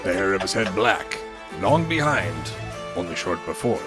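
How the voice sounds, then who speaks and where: A man's voice: low-pitched, big pitch swings, normal speed, over music, pitched below the performer's own voice. A man putting on a pirate voice to read out an old quote aloud in a podcast. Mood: hammy. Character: swaggering male pirate reading a quote.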